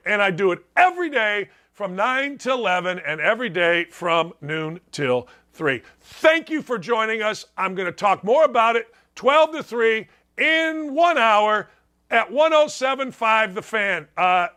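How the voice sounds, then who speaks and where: A middle-aged man hosts a sports talk show with a very high, bright voice. He rants in an opinionated way and fires off rhetorical questions. His tone is forceful throughout. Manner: emphatic, rhetorical questions, ranting.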